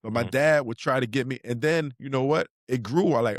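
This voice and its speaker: The clip has studio quality and no echo. A middle-aged co-host speaks a little fast at medium pitch, easygoing as he shares stories full of slang and performs the lines people said.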